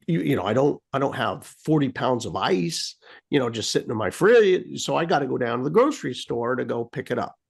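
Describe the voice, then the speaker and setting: Speaking briskly with a medium-pitched voice that has vocal fry and a slight roughness, an American co-host recounts a story in relaxed conversation. He gets animated, mimicking beeping sounds and acting out how annoyed he was.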